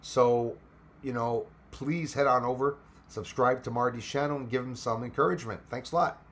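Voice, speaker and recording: A man's voice: medium pitch, fairly even intonation, normal speed, a bit bright. Chatty man with a Quebec French accent. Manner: chatty, switches between English and French, swears freely. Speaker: space channel livestream host. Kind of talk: casual livestream chat with viewers.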